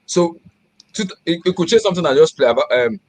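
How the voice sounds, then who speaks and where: A man in a casual online football hangout, giving his views in quick, halting bursts full of restarts. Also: on the high side, expressive, dry recording. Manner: fast, halting, with many restarts. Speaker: guest panelist.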